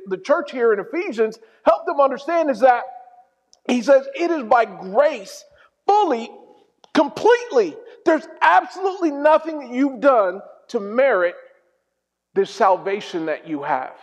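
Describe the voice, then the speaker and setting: A middle-aged man preaching a sermon, telling stories in an animated, humorous way. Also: extremely high pitch. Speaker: pastor. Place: church hall. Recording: dull sound in a reverberant hall.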